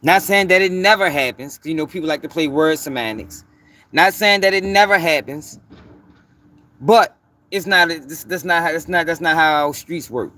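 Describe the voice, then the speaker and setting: His voice is on the high side and sharp, moving at a normal speed. The Baltimore-born commentary host rants heatedly, swearing freely and emphatically and repeating things for emphasis.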